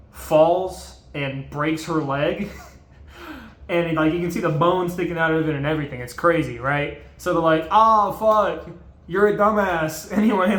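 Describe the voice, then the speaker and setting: A man's voice: a little high, a bit bright. Rambling, swearing man in an echoey room. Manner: rambling, profane, full of fillers. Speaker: video host. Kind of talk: casual movie recap.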